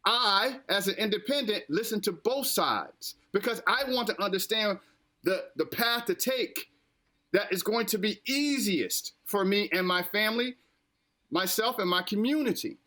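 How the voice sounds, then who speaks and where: An American man hosts a casual political podcast in a high, bright voice. He repeats himself and lectures the audience directly, like a man giving a sermon. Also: expressive, measured pace. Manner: preachy, repetitive, addresses listeners directly. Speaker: podcast host.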